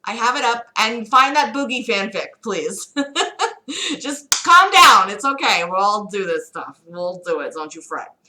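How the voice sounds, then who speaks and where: A woman streamer chatting in excitable, giggly asides while reading fan fiction on a live stream. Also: mid-range voice, a little slow.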